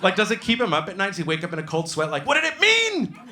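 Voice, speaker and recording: A man doing stand-up storytelling on a comedy club stage into a handheld mic, animated and acting out other people's voices. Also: on the high side, racing, echoey room, crowd noise.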